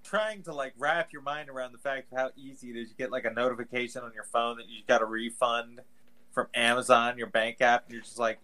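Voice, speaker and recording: A man's voice: mid-range voice, steady tone, brisk, sharp tone. A man co-hosting a podcast, talking casually with lots of "like" and playing up mock quotes. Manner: rambling, heavy use of "like", exaggerated mock quotes. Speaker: podcast co-host. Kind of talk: casual chat.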